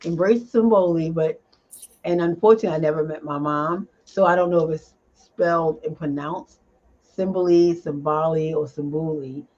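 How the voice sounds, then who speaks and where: Woman guest chatting on a remote call, laughs a lot, lots of ums, kinda muffled lo-fi sound. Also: deep voice. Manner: animated, laughs often, pauses with fillers. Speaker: interview guest, advocate. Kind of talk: casual interview chat. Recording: dull lo-fi audio.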